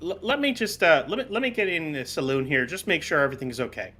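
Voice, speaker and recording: A man's voice: on the high side, lively intonation, fast, pushed and bright. A man playing a character in a tabletop game, folksy and polite, with some stammering. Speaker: player.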